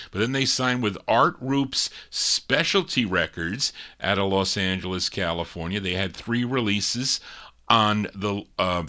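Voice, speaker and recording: A man's voice: medium pitch, bright, forceful tone. A middle-aged man hosting a record show, chatting casually between songs and piling on details about labels, dates and requests. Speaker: radio-style record show host.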